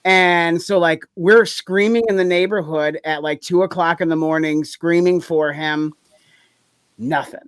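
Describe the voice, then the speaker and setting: A man's voice: a little high, steady tone, measured pace, clean tone, dry recording. A man co-hosting a podcast, telling a story in casual chat with rambling phrasing. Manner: rambling, many "like" fillers. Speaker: podcast co-host.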